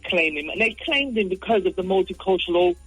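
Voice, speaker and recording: A man speaking as a radio show guest in a casual discussion, earnest and measured. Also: high voice, lively intonation, breathy edge, dry recording, highs cut off, faint music behind.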